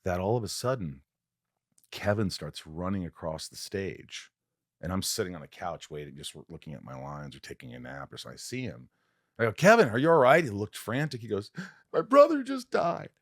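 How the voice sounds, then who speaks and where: A man's voice: a little fast, dry recording, studio quality. A man hosting a podcast, telling a story with feeling and acting out what people said. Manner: animated, acts out quotes with big pitch swings. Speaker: podcast host. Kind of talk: emotional storytelling in casual conversation.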